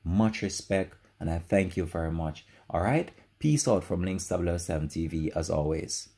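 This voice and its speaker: A man's voice: low-pitched, moderate pace, vocal fry, warm tone, breathy edge. A male online news host giving earnest, sympathetic commentary on a story and signing off to his viewers. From Jamaica.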